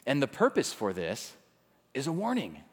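Lively-voiced male pastor preaching in a hall. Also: mid-range voice, moderate pace, breathy edge. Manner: dynamic, swings from hushed to emphatic. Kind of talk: sermon.

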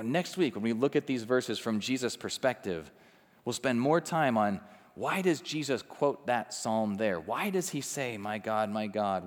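A man preaching a sermon, swinging from loud intensity to hushed quiet and acting out the people he quotes. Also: mid-range voice, big-room sound. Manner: acts out quoted people in conversational asides. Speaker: pastor.

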